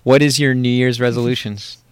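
A man hosts a casual podcast, his voice smooth and clear in a dry, close recording. He drifts along in a laid-back way, joking crudely and trailing off into fillers. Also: medium pitch, fairly even intonation, fairly quick, no echo. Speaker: podcast host. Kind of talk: casual chat.

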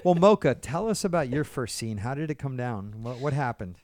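A woman host running a casual podcast interview with blunt, probing questions. Her voice is extremely low for a woman. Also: lively intonation, brisk, a little mellow, no echo, clean studio sound.

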